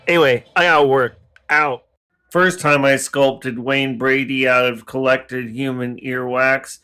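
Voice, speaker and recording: A man telling short absurdist comedy bits in a deadpan manner, with sudden outbursts into silly voices. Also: medium pitch.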